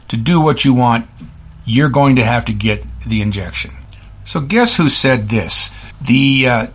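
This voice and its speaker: A man hosting a political commentary show, ranting scornfully in quick bursts with frequent restarts. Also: mid-range voice, a bit bright. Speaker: host.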